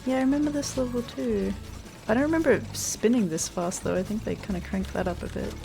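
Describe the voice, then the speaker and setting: Giggly gravelly-voiced woman streamer. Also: a little high, fast talker. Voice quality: chatty, giggly, easily startled. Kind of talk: casual gameplay chat. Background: faint game music.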